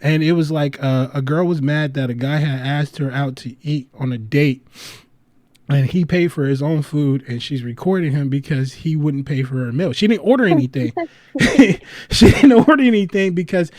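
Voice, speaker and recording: A man hosting a loose livestream chat, pitch sitting a bit high for a guy, swearing and laughing as he rambles through stories. The sound is dry and close, with no room around it. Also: moderate pace, no room sound. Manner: animated storytelling, laughs a lot, swears freely; loose, rambling delivery with restarts. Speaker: livestream host.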